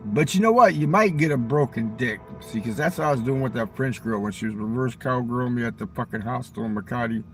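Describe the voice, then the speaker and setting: A man's voice: medium pitch, fairly quick, few pauses, faint music behind. A man telling crude stories in a rambling, profane casual monologue, outdoors near a railroad crossing. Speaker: vlogger.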